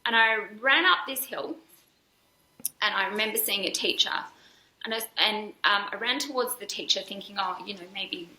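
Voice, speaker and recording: A woman's voice: medium pitch, normal speed, pushed and bright, reverberant, low-quality recording. A woman, a podcast guest, telling a personal story candidly and earnestly, with frequent fillers and restarts. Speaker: podcast guest, dance school founder.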